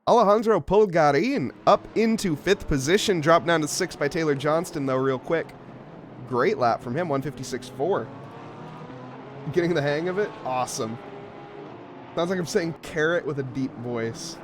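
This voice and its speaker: A man's voice: a little high, moderate pace, noisy background. A man commentating a live sim racing event, joking about himself and laughing often. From English-speaking. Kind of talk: live esports race commentary.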